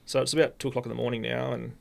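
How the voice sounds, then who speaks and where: Aussie guy, really gravelly crackly voice, rambles on, keeps restarting, podcast guest. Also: medium pitch, flat delivery. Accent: Australian. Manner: rambling, halting, many restarts. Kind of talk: casual storytelling.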